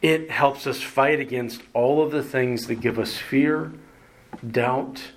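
A man preaching a sermon, emphatic and deliberate, leaning hard on key words and pausing for effect. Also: mid-range voice. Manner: emphatic, repeats words for emphasis, slow deliberate delivery with dramatic pauses. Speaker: pastor.

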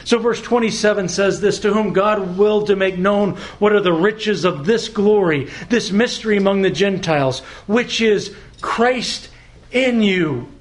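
A male pastor delivers a sermon with a high-pitched voice. He speaks slowly and emphatically, repeating key words and pausing to let phrases land. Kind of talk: expository sermon.

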